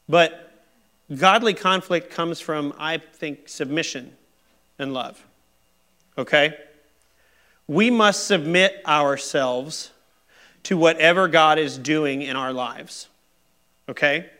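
A middle-aged man delivers a sermon with a bright, forward tone that sits a little high. He preaches conversationally, owning up to his own faults with easy self-deprecation. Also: clear, resonant tone. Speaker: pastor.

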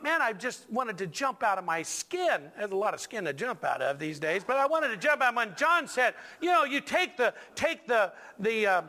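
A man's voice: high-pitched, big pitch swings, normal speed, few pauses, bright, forceful tone. A male pastor preaching a sermon in a church, joking with the congregation and stressing lines with emphatic repetition.

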